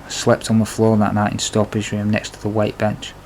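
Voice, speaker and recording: Guy reading his memoir, low monotone voice, blunt and confessional, faint background hiss. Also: brisk, poor audio. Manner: plain, confessional narration with blunt swearing. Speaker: narrator. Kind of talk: memoir storytelling.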